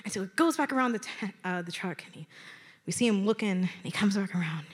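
A woman telling a personal story to an audience from a stage, in an animated, conversational way with dramatic emphasis. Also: mid-range voice, quick pace, slightly rough. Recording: long hall reverb.

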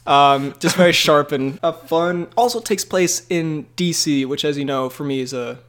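A man's voice: fairly high pitch, moderate pace, fairly bright tone. A man co-hosting a casual movie podcast, rambling playfully and laughing often. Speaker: podcast co-host.

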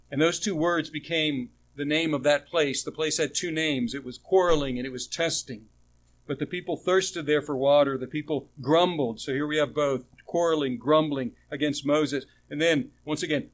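A man's voice: fairly high pitch, normal speed. A man preaching a sermon in a conversational way, asking the congregation rhetorical questions and restarting phrases as he goes. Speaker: pastor.

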